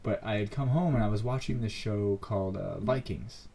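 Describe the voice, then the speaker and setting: A man hosting his own podcast, telling a personal story in a casual, earnest and animated way, full of fillers. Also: fairly low pitch, moderate pace, vocal fry, slight background noise. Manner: earnest, animated, many fillers like "like" and "you know". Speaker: podcast host.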